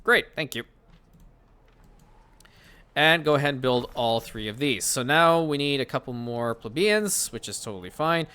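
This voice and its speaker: A man's voice: mid-range voice, expressive, moderate pace, pauses often, sharp tone, clear, resonant tone. A man hosting casual gameplay commentary, chatting and thinking aloud as he plays, often correcting himself mid-sentence. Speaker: gaming channel host.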